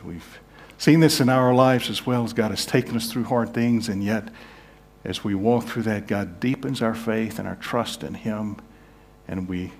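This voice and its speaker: A man preaching a sermon as pastor, earnest, moving between hushed, slow passages and emphatic, raised ones. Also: fairly low pitch. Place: church sanctuary.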